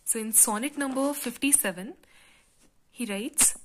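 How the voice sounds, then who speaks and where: A woman teaching a literature class, explaining step by step in a patient lecture style with frequent pauses and fillers. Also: a little high, a little hiss or hum.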